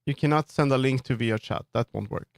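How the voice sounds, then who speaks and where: A man's voice: medium pitch, fast, vocal fry, dry recording. A man streaming live, answering his viewers' chat while he works on 3D models, firm and earnest when he sets limits. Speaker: livestreamer and 3D model customizer. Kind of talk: casual livestream chat, answering chat.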